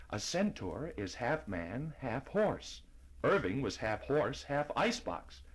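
A man reading a children's storybook aloud in a lively, expressive way. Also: medium pitch, husky, poor audio. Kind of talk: storybook narration.

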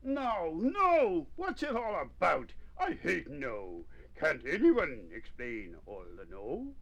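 Young storybook mouse, high and plaintive, played by a man, wide swoops in pitch. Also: huge pitch swings, takes it slowly, breathy edge, heavily acted. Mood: questioning. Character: stubborn young male mouse.

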